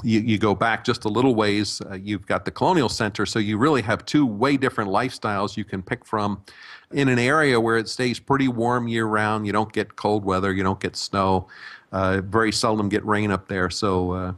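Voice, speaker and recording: Older American man, low voice, relaxed storytelling, restarts often, interview guest. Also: moderate pace. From United States. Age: 60s. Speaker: guest, retirement abroad expert. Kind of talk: conversational interview.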